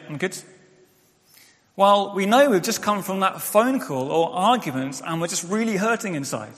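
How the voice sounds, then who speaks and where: A man's voice: high-pitched, a bit bright. Conversational male preacher in a reverberant hall. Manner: candid, conversational preaching with self-deprecating asides. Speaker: pastor. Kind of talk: sermon. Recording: church hall with long reverb.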